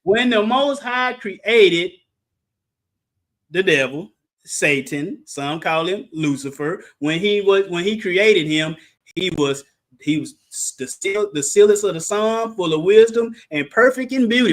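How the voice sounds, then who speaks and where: A man leading an animated Bible study, preaching with shouted exclamations and joking asides. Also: on the high side, a little slow. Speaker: Bible teacher.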